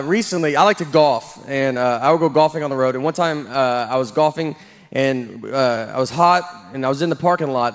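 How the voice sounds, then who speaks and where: A man performing a stand-up comedy set, telling stories in a deadpan, self-deprecating way. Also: fairly high pitch, in a large hall. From Southern United States.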